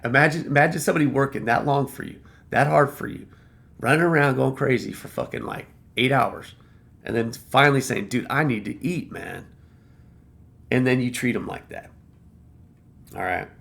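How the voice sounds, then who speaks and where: A man's voice: mid-range voice, gravelly, fairly bright tone. A man telling a personal work story in a blunt, profane, casual way, repeating phrases for emphasis.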